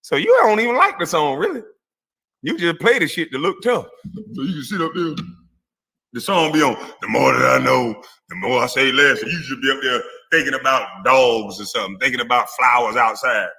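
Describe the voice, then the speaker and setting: A man's voice: medium pitch, expressive, brisk, pushed and bright, husky. A man ranting on a livestream, profane, mocking and confrontational, laughing scornfully between lines. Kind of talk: heated livestream rant.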